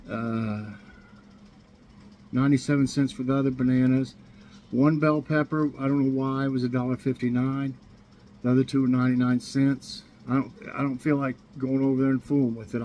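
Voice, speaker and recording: Casting: Southern man, mid-pitched, rambling home vlogger, light background hiss. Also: darkish tone, low-quality recording. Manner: rambling, chatty, listing prices with fillers. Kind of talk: casual grocery haul chat.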